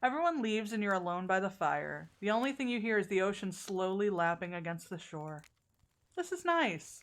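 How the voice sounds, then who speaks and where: A woman's voice: medium pitch, a little fast. A young woman streaming a game with a friend, reading the story aloud, laughing often and doing voices. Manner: lively, laughs often, does voices for characters.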